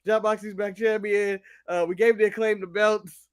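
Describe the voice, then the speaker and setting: An American man co-hosting a casual wrestling podcast, joking and rambling with quick apologetic asides. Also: high-pitched, flat delivery, clean tone. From United States. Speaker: co-host.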